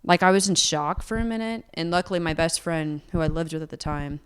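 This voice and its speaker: Speaking fairly quickly in a smooth, low-pitched voice, a young woman singer-songwriter talks frankly during an interview. She's sincere and open, and "like" turns up again and again in her speech.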